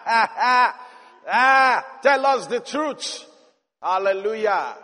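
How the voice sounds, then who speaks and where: A man preaching a sermon as a pastor, swinging passionately between loud exhortation and low storytelling. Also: husky. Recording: long reverb of a large hall.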